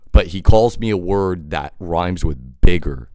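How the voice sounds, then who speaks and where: Very deep-voiced man telling a rambling story. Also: moderate pace, darkish tone, clean tone, no echo, studio quality. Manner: rambling, filler-heavy, wry. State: sick. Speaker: storytelling vlogger. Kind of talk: casual storytime monologue.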